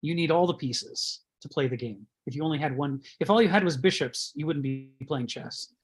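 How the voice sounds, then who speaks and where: A man's voice: fairly high pitch, moderate pace, husky. A man giving a conversational lecture, rambling, chuckling often and using many fillers.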